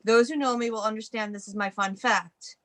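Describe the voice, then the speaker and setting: A woman's voice: a little high, fairly even intonation, a little fast, fairly bright tone. A woman on a town meeting video call, sharing a fun fact in a playful way. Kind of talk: casual remarks at a meeting.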